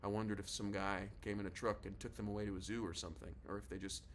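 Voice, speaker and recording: A man reads a novel aloud in a casual, confiding first-person voice. His pitch sits on the low side, and a faint noise runs under the recording. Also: little pitch movement, fast. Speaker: audiobook narrator.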